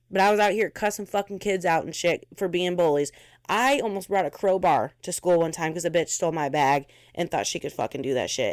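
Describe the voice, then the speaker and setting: A woman's voice: on the low side, no room sound, clean studio sound. A young woman hosting her own podcast, talking candidly in a blunt, fiery, heavily profane way. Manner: fiery, emphatic. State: close to tears. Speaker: podcast host. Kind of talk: candid monologue.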